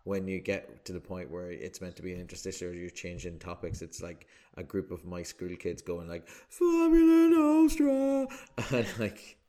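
A man's voice: low voice, little pitch movement, fairly quick, few pauses, a little mellow. A young man co-hosting a book podcast, rambling and self-deprecating, laughing often. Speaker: podcast co-host. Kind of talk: casual chat.

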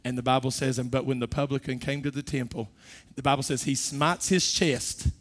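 Preaching father, soft to loud. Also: mid-range voice, fairly even intonation, fairly quick. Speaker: pastor. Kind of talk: sermon.

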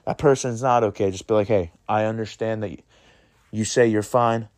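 A man's voice: lowish voice, fairly even intonation, normal speed, a little mellow. Man, podcast host, casual motivational monologue, earnest, rambling, swears freely.

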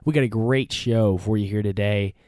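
A young man hosting a casual sports talk show, energetic and rambling, with many fillers and restarts. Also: on the low side, moderate pace, no echo, clean studio sound. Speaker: podcast host.

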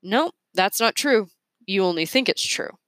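A woman voicing a dapper, kindly older gentleman who speaks in a gentle, reassuring, slightly formal way in a read-aloud storybook. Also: mid-range voice, lively intonation, measured pace, no room sound, studio quality.

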